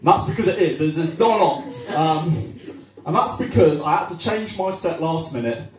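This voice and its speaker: A man's voice: fairly high pitch, expressive, moderate pace. A young man doing a stand-up comedy set, rambling and self-deprecating with many fillers. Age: young adult. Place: cafe-bar comedy night. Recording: roomy live room, distant mic.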